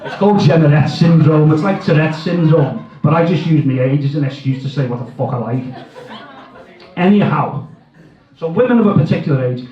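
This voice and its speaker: A man's voice: fairly high pitch, animated, fairly quick. A middle-aged man doing a crude, self-mocking stand-up set full of swearing. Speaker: stand-up comedian. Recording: echoey, distant, dull live sound.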